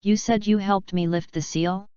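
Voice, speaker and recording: A woman reading the lines of a sealed old male martial-arts uncle, slow and amused. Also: mid-range voice, steady tone, mellow, smooth, no room sound, close to an everyday voice. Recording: slightly dull lo-fi recording.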